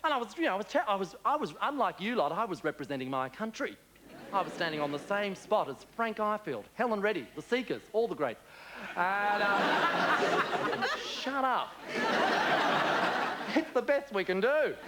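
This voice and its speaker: A man's voice: high-pitched, big pitch swings, normal speed. Camp Australian man with a swooping voice. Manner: camp, chatty, swoops between voices for effect. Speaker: comedian performing a stand-up monologue. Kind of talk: stand-up comedy monologue. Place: large TV studio with a laughing audience. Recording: loud studio audience laughter and noise.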